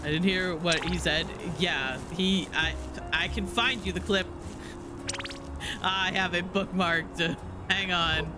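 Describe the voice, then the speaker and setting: A man's voice: sits high, fairly even intonation, takes it slowly. A man streaming a game, chatting casually in a rambling, giggly way with lots of fillers and restarts. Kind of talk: casual chat while playing a game. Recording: music playing in the background.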